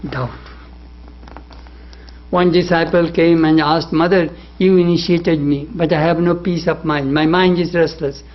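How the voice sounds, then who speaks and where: A man's voice: on the high side, steady tone, unhurried, muffled recording. A monk giving a devotional lecture, telling stories and rising animatedly when he quotes. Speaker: monk lecturing on spiritual life.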